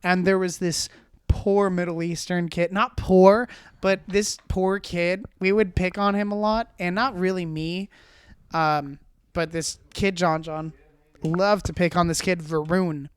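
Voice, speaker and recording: A man's voice: sits high, fairly even intonation, a little slow, clean tone, no room sound. A young man hosting a podcast, telling loose, profane stories in casual chat and laughing often. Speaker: podcast host.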